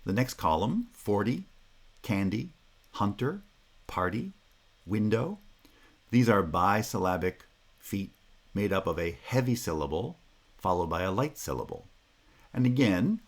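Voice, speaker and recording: A man with a very low voice lectures step by step through his slides. He speaks patiently and methodically, repeats key terms and now and then asks "Right?" to check that students are following. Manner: occasional filler "uh" and checking "Right?". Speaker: linguistics lecturer. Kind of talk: recorded lecture explaining slides.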